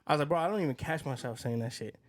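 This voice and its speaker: A podcast co-host with a fairly high voice races through casual chat, telling rambling stories and acting out what people said.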